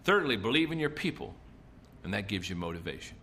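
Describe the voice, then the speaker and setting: His voice sits on the low side, sing-song and pushed bright, moving a little fast over faint hiss or hum. The middle-aged man is giving a leadership seminar talk, leaning on folksy anecdotes and emphatic repetition.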